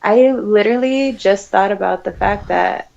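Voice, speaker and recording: A young woman co-hosting a podcast in relaxed casual chat, laughing often. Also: medium pitch, moderate pace, creaky, muffled recording. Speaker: podcast co-host.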